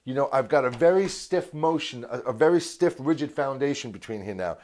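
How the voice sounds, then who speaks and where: A man giving a drum lesson on video, stressing his points by repeating words and counting beats aloud. His voice sits at a middle pitch for a man. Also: animated, fairly quick, darkish tone. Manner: emphatic, repeats key words. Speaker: drum teacher.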